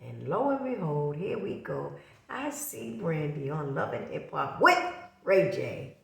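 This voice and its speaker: Impassioned middle-aged woman, gravelly and echoey. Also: low voice, big pitch swings, a little slow. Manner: impassioned, accusatory, repeats herself. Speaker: vlogger. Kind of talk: emotional direct-to-camera talk.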